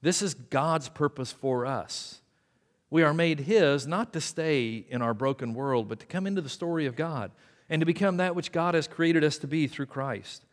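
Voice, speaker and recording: An older man delivers a sermon at a mid pitch, chatty and personal rather than formal. He slips into hushed asides now and then. His voice rings out with a long church-hall reverb. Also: moderate pace. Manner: conversational preaching, dropping to quiet asides. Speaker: preacher. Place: church sanctuary.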